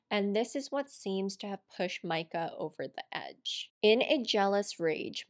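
A woman's voice: on the low side, dry recording, studio quality. A woman narrating a true crime case in a conversational storytelling way, adding her own asides.

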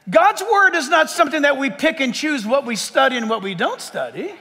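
A man preaching a sermon as pastor, emphatic and swinging between loud and hushed. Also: extremely high pitch, animated, brisk, hardly any pauses. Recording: long hall reverb.

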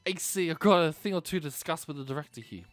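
A man's voice: on the high side, fast talker, dry recording, soft background music, close to an everyday voice. A man reading aloud the lines of a cheerful, caring mother in a video game, in a chatty, slightly fussy way.

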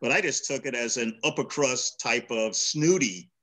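Man, bright forceful voice, thoughtful, hesitant, video call discussion. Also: medium pitch, normal speed, poor audio. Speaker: discussion series presenter. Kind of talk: casual group discussion.

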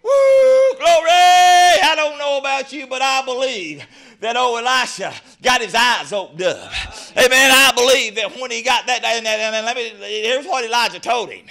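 A man preaches a revival-style sermon, fervent and shouting out exclamations. His voice sits very high and has a sharp, piercing edge. It is a preacher's delivery throughout. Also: lively intonation, normal speed, gravelly.

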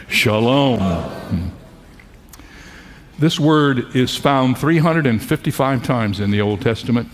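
A man with a mid-range voice delivers an earnest sermon, his words swelling with conviction as he builds toward key points. He addresses the congregation directly and invites them to join in. The sound carries a long reverb, as if from a large sanctuary. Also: medium pitch. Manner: earnest preaching, rising in intensity, leading the congregation. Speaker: pastor. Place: church sanctuary before a congregation.

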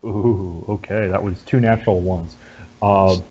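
A man narrating as dungeon master in a relaxed, halting way with many fillers. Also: sits low, noisy background. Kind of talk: narrating a tabletop game. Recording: dull lo-fi audio.

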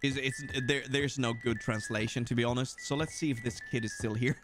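Loud music plays behind this young man's medium-pitched, brisk voice. He's a Swedish gaming YouTuber with a Swedish accent, and his let's-play commentary is lively and jokey, full of remarks aimed at the game itself.

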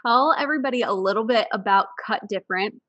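A woman's voice: on the high side, quick pace, a bit bright, no room sound. A woman hosting an interview, speaking with enthusiasm and loose fillers as she sets up questions for her guest. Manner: enthusiastic, faith-centered, uses like and um. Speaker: interview host. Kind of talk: conversational interview. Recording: dull dry sound.

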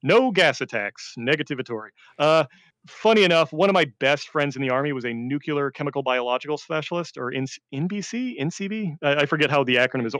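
A man, a veteran, telling war stories in a rambling casual chat, often laughing and swinging between deadpan and excited. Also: fairly high pitch, fast, no room sound. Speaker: veteran storyteller.

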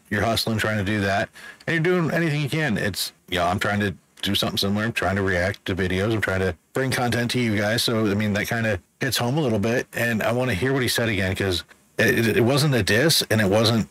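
A man's voice: on the low side, fairly bright tone, poor audio. A man hosting a music reaction, talking it through in a thoughtful, casual way. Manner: thoughtful, explains as he goes.

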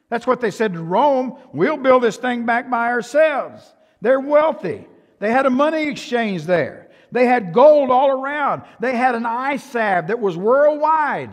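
An older man with a Texan accent preaching a sermon as pastor, swinging from hushed to loud and often repeating himself. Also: extremely high pitch, animated, a little slow. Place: church sanctuary. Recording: long church hall reverb.

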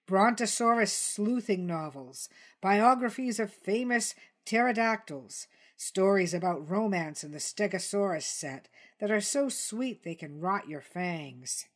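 A woman voicing Dilly, a calm, persistent jungle news creature who presses her points. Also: medium pitch, measured pace.

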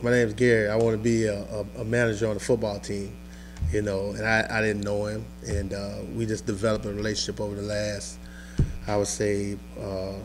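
Coach, male, low monotone voice, halting interview recall with soft music under it. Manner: halting, many fillers and restarts. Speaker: high school football coach. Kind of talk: emotional interview recollection.

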